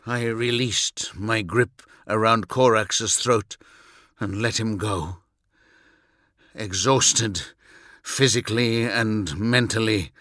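A man giving dramatic, measured first-person narration for an audiobook. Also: lowish voice, a bit bright, dry recording, clean studio sound.

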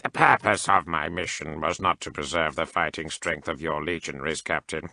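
A man voicing a cold, emotionless male cyborg priest in an audiobook, speaking in a flat, mechanical, measured way. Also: extremely low pitch, gravelly, no room sound, pitched below the performer's own voice, full character voice. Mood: cold, detached. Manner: measured, clipped, unhurried formal speech. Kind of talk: audiobook character reading.

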